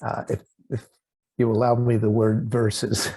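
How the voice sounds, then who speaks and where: A man hosting an interview over a video call, talking in a halting way with many restarts and fillers. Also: lowish voice, completely flat delivery, dark tone, slightly rough, rough recording. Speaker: host. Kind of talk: casual interview chat.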